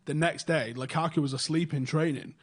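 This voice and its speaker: Sweary, husky storytelling bloke. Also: male voice, on the high side, a little fast. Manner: swearing storyteller, animated when excited. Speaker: podcast host. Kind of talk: casual chat.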